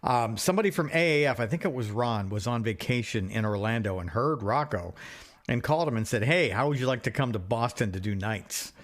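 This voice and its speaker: A man's voice: medium pitch, lively intonation, brisk. A middle-aged man co-hosting a podcast, telling stories in casual chat, swearing freely and repeating himself. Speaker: podcast co-host.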